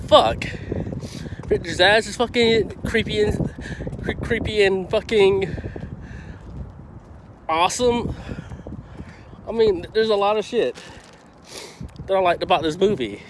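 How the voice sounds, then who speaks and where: A man's voice: high voice, slight background noise. A man giving a casual, profane and heated movie review, rambling and swearing as he goes.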